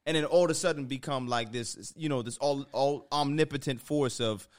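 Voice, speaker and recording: A man's voice: medium pitch, a little fast. A man co-hosting a podcast in casual chat, blunt, heated and profane. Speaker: podcast co-host.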